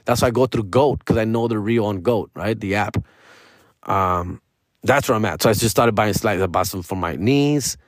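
A man ranting in casual, profane slang and dropping Spanish phrases, his pitch jumping up and down as he talks. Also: normal speed, no echo, clean studio sound. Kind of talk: casual rant.

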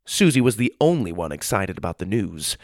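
Expressive low-voiced male storyteller. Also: brisk, no room sound, studio quality. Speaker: narrator. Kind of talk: audiobook narration for children.

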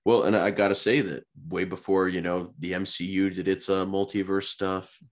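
A deep-voiced man co-hosting a podcast, chiming in during a casual chat. He drops in short remarks to make his point. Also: flat delivery, moderate pace. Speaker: podcast co-host.

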